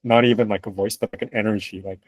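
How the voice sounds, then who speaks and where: A man who translates books, chatting as a guest in an interview, animated and laughing often with lots of fillers. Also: lowish voice, fast talker, no room sound. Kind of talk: casual interview conversation.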